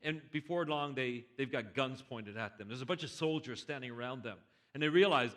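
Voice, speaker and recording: A man's voice: medium pitch, fairly quick, hardly any pauses, fairly bright tone. A man preaching a sermon as a pastor, telling a story with animation and stammered restarts. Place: church.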